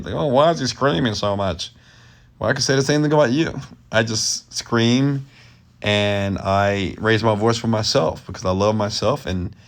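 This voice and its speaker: A man hosting a late-night live question-and-answer stream from his bed, talking loosely and passionately and often raising his voice. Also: on the low side. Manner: loose, rambling, off the cuff. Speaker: entrepreneur and mentor, stream host. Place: lying in bed at home at night.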